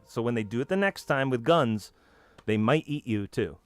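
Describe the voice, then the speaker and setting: A man's voice: medium pitch, expressive, normal speed. A man giving a long rambling monologue as the channel host, half-singing nursery rhymes and swearing as he goes.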